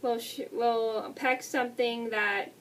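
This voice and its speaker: A woman in her twenties chatting through a casual movie review, talking fast with restarts and apologies. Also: on the high side, fairly even intonation, fairly bright tone, distant mic, a little hiss or hum. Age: 20s. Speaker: vlogger.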